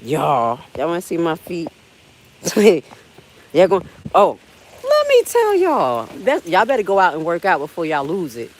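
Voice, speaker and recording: A woman in her forties hosts a casual live walking vlog from an outdoor park, talking right to her viewers and calling them "y'all" and "baby" as she climbs steps and runs short of breath. Her voice is fairly low, animated and moderately paced, but the audio quality is poor.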